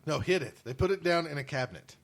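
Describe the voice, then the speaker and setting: Speaking fast in a fairly high, creaky voice, this man co-hosts a podcast, spinning lively stories in easygoing chat and laughing frequently.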